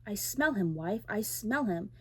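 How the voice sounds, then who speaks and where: A woman puts on a huge man-eating giant who booms and blusters through a bedtime storybook. The voice stays breathy and mellow underneath the shouting. It is a whispered role-play reading. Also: lively intonation, slow. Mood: raging. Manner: loud and blustering, a notch higher than her narration.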